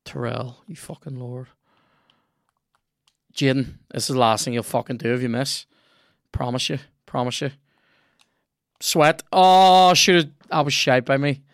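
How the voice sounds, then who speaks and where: A man's voice: mid-range voice, fairly even intonation, unhurried, long pauses, no room sound, clean studio sound. A man hosting a podcast, chatting casually and swearing as he rambles and reacts aloud to a video game he is playing. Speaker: podcast host.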